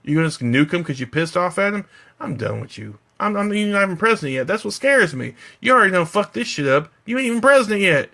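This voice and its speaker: Tipsy guy going off on a live stream, swearing nonstop, gravelly and a bit high. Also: very animated, quick pace, bright, forceful tone. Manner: profane, heated, rambling. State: a little drunk. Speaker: vlogger. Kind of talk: drunken rant on a live stream.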